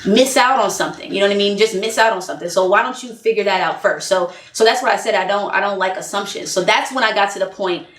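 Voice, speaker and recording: A young woman tells a personal story straight to her viewers in a loose, conversational vlog. She is animated and talkative, acting out both sides of a phone call as she goes. Her voice sits at a middle pitch, and the room around her adds a noticeable echo. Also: quick pace, few pauses. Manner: animated, quotes both sides of a phone call, frequent "you know what I mean". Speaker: vlogger. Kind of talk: casual storytelling to camera. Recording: echoey room.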